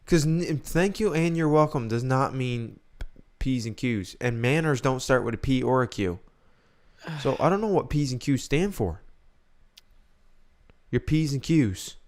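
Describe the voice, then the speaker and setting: A man's voice: mid-range voice, animated, a little slow. A young man co-hosting a podcast, chatting casually and opinionated, acting out the lines he quotes. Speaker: podcast co-host. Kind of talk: casual chat.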